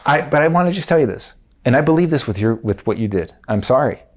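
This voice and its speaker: A man's voice: medium pitch, animated, fast talker. A male podcast host who asks questions hesitantly, restarts his sentences and chimes in often. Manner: hesitant, backchannels a lot, laughs easily. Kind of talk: casual interview chat.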